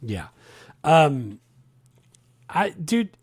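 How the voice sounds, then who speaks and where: Husky-voiced man in enthusiastic chat. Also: big pitch swings, extremely slow. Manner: enthusiastic, often trails off low and quiet. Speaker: podcast co-host. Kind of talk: casual movie chat.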